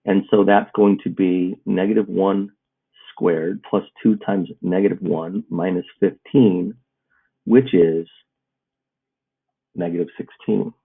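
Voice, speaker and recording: Slowly and with long pauses, a man with a low, gravelly, husky voice walks through math problems one step at a time. It's a recorded lesson with steady explanation, and the sound is muffled, like phone audio.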